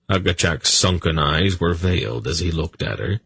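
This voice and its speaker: A man narrating an audiobook in a slow, measured, dramatic way. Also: low voice, lively intonation, vocal fry, bright, forceful tone, slightly rough. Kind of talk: scripted narration.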